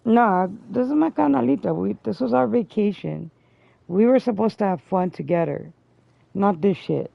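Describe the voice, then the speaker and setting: Speaking at a normal pace with a gravelly voice, this woman hosts a stream and spins out a lengthy story full of profanity. She turns loud and high when quoting others, and the dull lo-fi audio has no echo.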